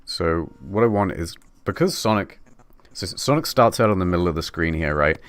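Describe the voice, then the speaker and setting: A man's voice: low voice, animated, a little fast, smooth, no echo. A man chatting offhandedly on a live stream while editing a video, swearing now and then and reading viewer messages aloud. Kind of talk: casual live-stream chat.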